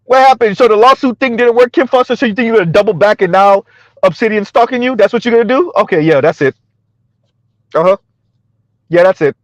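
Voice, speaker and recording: A man's voice: high voice, fast, no echo, highs cut off. A man giving a mocking reaction commentary, stammering and repeating himself as he jeers. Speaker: commentary vlogger.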